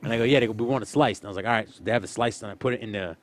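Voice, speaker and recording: A man's voice: fairly low pitch, rapid-fire. A man casually telling a rowdy story, swearing and acting out every line of dialogue.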